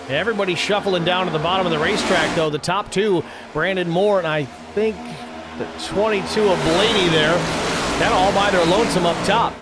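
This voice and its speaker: Male play-by-play host, higher pitch, noisy broadcast audio. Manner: brisk, matter-of-fact race calls. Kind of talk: sim racing play-by-play commentary.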